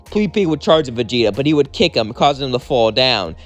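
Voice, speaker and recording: A man's voice: medium pitch, animated, quick pace, soft background music. A man casually narrating a fan story in a plain, rambling way.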